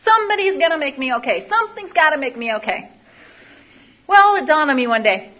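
Candid woman, muffled and higher-voiced. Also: big pitch swings, a little fast. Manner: candid, confessional, repeats phrases. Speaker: speaker sharing a recovery story. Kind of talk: personal testimony to an audience.

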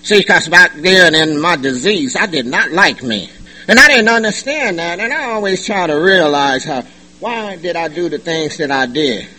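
Lively laughing man sharing his recovery story. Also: on the high side, normal speed, poor audio. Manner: animated, joking, colloquial, laughs often. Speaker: recovery meeting speaker. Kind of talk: personal testimony at a meeting. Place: meeting room.

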